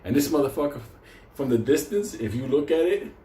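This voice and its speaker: A man's voice: a little high, expressive, brisk, mellow, roomy sound. A man telling a wild story in a casual, profane way, often laughing as he talks. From New York.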